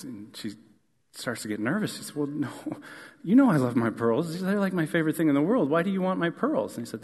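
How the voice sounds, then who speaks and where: Male pastor, conversational sermon, mid pitch, fillers, long church reverb. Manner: conversational storytelling with frequent fillers.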